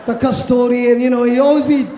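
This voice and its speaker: A man doing stand-up comedy on stage, animated and shouting his punchlines. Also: very high-pitched, brisk, a faint crowd. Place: hotel showroom stage. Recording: echoey hall, live noise.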